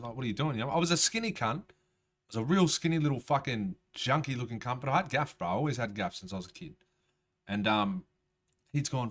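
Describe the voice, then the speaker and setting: A man's voice: medium pitch, a bit bright. A man, a rapper telling a rambling, profane story in casual storytelling style. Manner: profane, rambling, streetwise slang.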